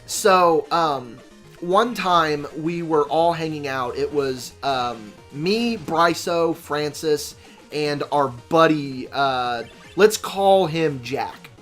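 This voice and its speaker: A young man hosting a gameplay video, telling a long story with lots of cussing, fillers and restarts. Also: faint music behind. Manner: rambling, profane, halting with fillers and restarts; mimics friends in shrill shouts. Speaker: let's play host. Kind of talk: casual storytelling while gaming.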